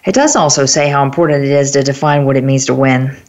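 A woman hosting an interview with a notably low voice. She asks reflective, measured questions and nods along with brief affirmations. The sound is somewhat dull and lo-fi. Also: steady tone, a little mellow. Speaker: host.

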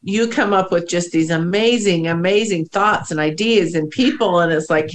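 A woman's voice: fairly low pitch, normal speed. A middle-aged woman co-hosting a spiritual podcast, emotional and teary, laughing often and restarting her sentences. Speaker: podcast co-host. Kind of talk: casual spiritual podcast chat.

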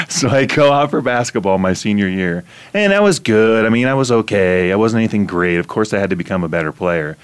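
A middle-aged man from Iowa, hosting a casual conversation and telling stories with animated laughter. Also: lowish voice, brisk, hardly any pauses, clear, resonant tone. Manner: animated storytelling, laughs often. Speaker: host.

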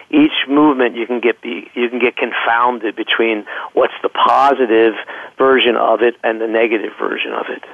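A man's voice: mid-range voice, gravelly, no echo. Guy on a phone line, tinny and dry, keeps restarting his sentences. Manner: halting, many restarts and repeated words. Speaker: guest, clinical psychologist. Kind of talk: interview conversation.

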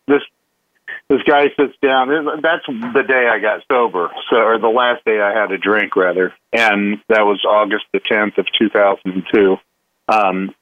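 A man telling a candid personal story as a guest, halting with many restarts and fillers. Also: mid-range voice. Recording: tinny phone line.

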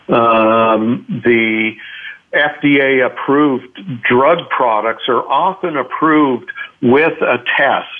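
A doctor guest speaks slowly and carefully down a tinny phone line, pausing often with small hesitations. He is a man whose pitch sits in the middle of the male range. He explains at length in a measured radio interview.

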